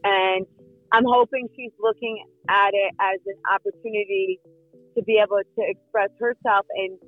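A woman, a reality show cast member, answering interview questions in a chatty, animated storytelling way with lots of fillers. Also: mid-range voice, normal speed, no echo, soft background music. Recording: dull lo-fi sound.

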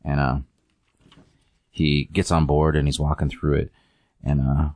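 Very deep-voiced man recapping comics. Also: little pitch movement, darkish tone, no echo. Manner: halting, full of ums and likes. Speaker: podcast co-host reviewing comics. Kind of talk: casual chat recapping a story.

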